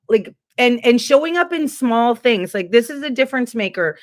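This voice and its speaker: A woman guest from Canada in casual political chat, talking in a heated, rambling, animated way with many fillers. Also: a little high, normal speed, hardly any pauses, no room sound, clean studio sound.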